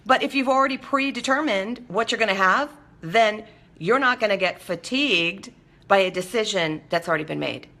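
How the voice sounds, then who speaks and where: A woman's voice: medium pitch, moderate pace, pushed and bright. A woman hosting a talk show, speaking casually and animatedly to viewers and acting out quoted voices.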